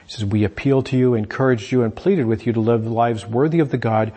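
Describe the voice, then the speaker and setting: A man's voice: mid-range voice, fast talker, dark tone, slightly rough. A man preaching a sermon in a conversational way, paraphrasing scripture and often repeating words as he restarts his sentences.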